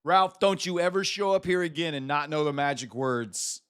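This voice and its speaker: A man with a high, smooth, clear voice hosts a live stream. He teases a viewer and scolds him in mock exasperation. The sound is dry and close, with no room around it. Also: moderate pace, a bit bright, no room sound. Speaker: livestream host. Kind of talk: live stream chat banter.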